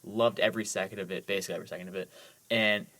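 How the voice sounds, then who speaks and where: Enthusiastic young man, lowish voice. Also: steady tone, racing, pushed and bright. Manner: enthusiastic, rambling with many "like"s. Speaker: podcast co-host. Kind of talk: casual movie podcast chat.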